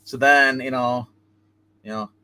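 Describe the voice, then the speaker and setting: A man of middle pitch hosts a casual live stream, recapping a comic's plot in an animated way. He keeps slipping into the characters' lines as he tells the story. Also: a little slow, smooth. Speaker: comic book reviewer hosting a live stream.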